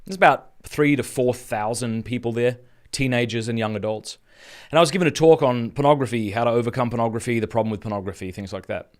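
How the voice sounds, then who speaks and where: An Australian man in his thirties talks on a live stream in a casual, earnest way, often restarting his sentences. His voice sits at a middle pitch. He speaks as a host telling a personal story. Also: fast. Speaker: Catholic speaker and podcast host.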